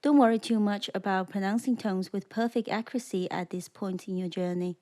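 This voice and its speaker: A woman narrating a scripted beginner language lesson, speaking slowly and clearly and demonstrating sounds for the listener to repeat. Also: medium pitch, mellow. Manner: slow, clear, demonstrating tones. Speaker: language teacher.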